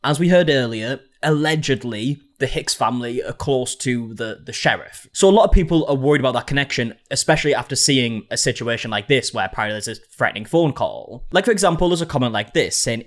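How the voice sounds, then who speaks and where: A man's voice: mid-range voice, expressive, fairly quick, hardly any pauses. A man hosting an online drama commentary, recapping events and reading comments aloud in a conversational way. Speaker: commentary host.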